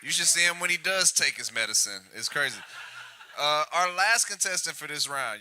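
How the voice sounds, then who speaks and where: A man's voice: a little high, lively intonation, bright, forceful tone, slight background noise. A man emceeing a live stand-up show, drawing out each comic's name as he brings them up. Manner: drawn-out hype introductions of names. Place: comedy club stage.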